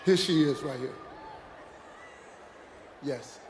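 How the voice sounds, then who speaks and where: An older American man giving a live motivational speech in a large dome, animated, preachy and joking with the audience. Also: mid-range voice, slow pace. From West Virginia, USA. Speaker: motivational speaker. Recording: echoey dome, faint crowd noise.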